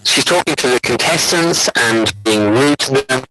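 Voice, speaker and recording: A man's voice: medium pitch, expressive, normal speed, over music, poor audio. A man giving an academic conference talk, explaining and acting out quoted intonations. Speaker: conference lecturer.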